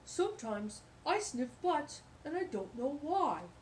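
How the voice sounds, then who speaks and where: Woman doing an excited good dog. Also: sits high, slow, a little hiss or hum, pitched above the performer's own voice, heavily acted. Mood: playful. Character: friendly smart male dog.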